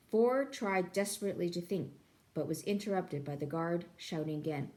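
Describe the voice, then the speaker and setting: A woman reading a novel aloud in an expressive, playful way. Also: lowish voice, normal speed. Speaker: reader.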